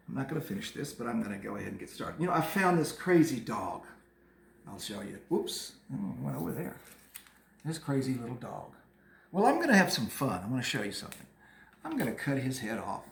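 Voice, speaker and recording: A man's voice: medium pitch, big pitch swings, brisk, creaky, a bit bright, reverberant. A man teaching an art lesson to children, chatting them through each step of a craft project. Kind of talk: casual art lesson demonstration for kids.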